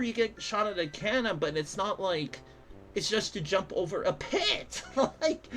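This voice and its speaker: An animated young streamer judges a level design contest in casual gaming commentary, ranting with his pitch jumping high in excitement. He swears casually, talks to chat, and laughs often.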